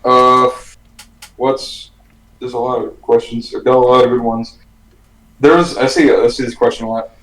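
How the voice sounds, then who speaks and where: A man, a band's bassist and composer, chatting relaxed and enthusiastic in a casual Q&A. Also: normal speed, pauses often. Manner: relaxed, enthusiastic, loose swearing. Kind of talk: casual Q&A chat. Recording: roomy echo.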